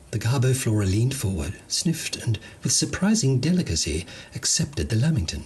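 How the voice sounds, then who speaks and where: A man's voice: mid-range voice, big pitch swings, moderate pace, hardly any pauses, darkish tone, slightly rough. Wry man narrating. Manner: wry, storytelling delivery. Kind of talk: scripted narration of a comedic sci-fi story.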